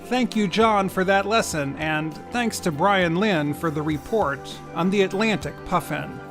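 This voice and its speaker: A male podcast host with a high voice, reading a scripted closing at a slow, steady pace. Soft music runs behind him. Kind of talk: scripted sign-off.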